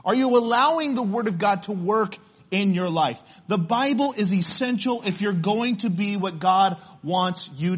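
Man, pastor, church sermon, high voice, earnest storytelling, repeats words. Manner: earnest storytelling preacher with stammered restarts.

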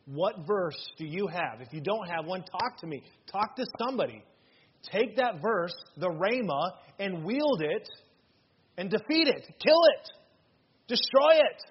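A man in his thirties preaching a sermon as pastor, earnest and emphatic, with sudden loud bursts. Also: sits high, lively intonation, a little slow, muffled recording, slight background noise.

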